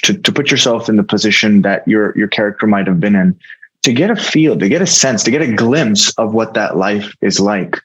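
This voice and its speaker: An American actor, a guest in a casual interview, speaks earnestly and reflectively, often restarting his sentences. His voice is fairly low and husky, and the sound is lo-fi.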